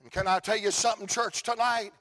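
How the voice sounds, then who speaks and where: A man's voice: high-pitched, fairly even intonation, brisk, bright, forceful tone. A man preaching a sermon in church with a fervent, repetitive cadence. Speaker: pastor.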